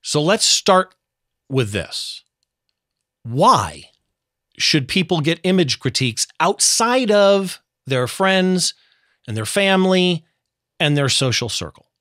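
A man hosting an interview show, talking enthusiastically and quickly as he sets up his questions. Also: fairly high pitch, big pitch swings, a bit bright, no room sound, clean studio sound. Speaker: podcast host. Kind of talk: casual interview.

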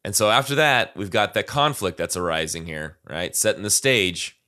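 A man with a low voice and a bright, forceful edge talks through song lyrics in a relaxed, conversational way. He reads lines aloud, then works out their meaning with frequent fillers and restarts. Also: moderate pace, smooth. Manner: thoughtful, reads lyrics aloud and unpacks them with many fillers. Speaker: podcast co-host discussing song lyrics. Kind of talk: casual conversational analysis.

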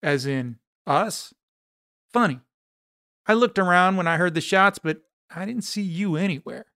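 A man's voice: high-pitched, measured pace, pushed and bright, no echo, voice pushed up, heavily acted. A man voicing a cocky, sarcastic male investigator with dry wit.

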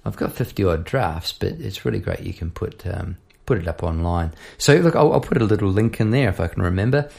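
A middle-aged man with a New Zealand accent, hosting a songwriting podcast in a relaxed, rambling chat with many restarts. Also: deep voice, fairly quick, creaky, hardly any pauses.

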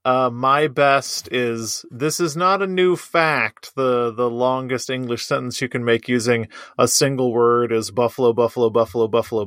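A man in casual podcast chat who laughs a lot and jokes with loose, profane humor. His voice sits at an ordinary middle pitch. The sound is dry and close, with no room around it. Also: fairly bright tone, no room sound. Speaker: podcast co-host.

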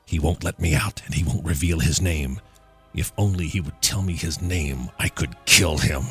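A man's voice: a bass voice, unhurried, faint music behind, voice pushed down. A man voicing a sly, snarling hill devil. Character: sly wheedling one-footed hill devil.

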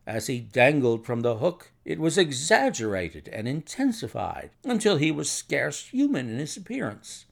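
A man narrating a classic detective story in a measured, expressive reading. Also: medium pitch, gravelly. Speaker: audiobook narrator. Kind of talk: scripted narration.

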